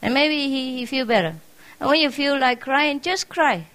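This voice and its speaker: Woman spiritual teacher, not a native English speaker, fairly high voice, warm teasing farewell full of laughter. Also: normal speed, poor audio. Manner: laughs often, affectionate and teasing; simple, non-native English phrasing. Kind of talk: informal farewell talk to followers.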